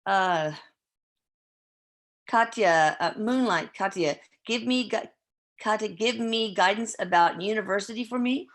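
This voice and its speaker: A woman hosting a live podcast who reads viewer questions aloud in a relaxed, chatty way and stumbles over names. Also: medium pitch, unhurried. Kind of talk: casual live-stream chat.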